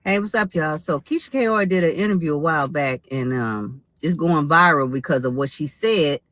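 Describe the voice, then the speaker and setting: A woman's voice: deep voice, normal speed, a bit bright, dry recording. A woman giving opinion commentary in a played clip, lecturing and repeating her points for emphasis.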